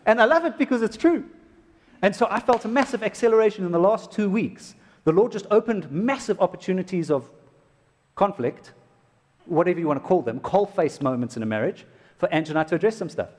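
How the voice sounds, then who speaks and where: A man's voice: sits high, lively intonation, fairly quick, a little mellow. A man preaching a sermon to husbands in a church, joking and exclaiming as he goes. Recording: echoey hall reverb.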